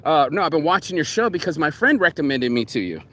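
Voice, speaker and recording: A man's voice: on the high side, sing-song, fast, bright, forceful tone. A man vlogging in a casual, rambling monologue, profane and streetwise, calling the listener bro. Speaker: vlogger and shirt designer.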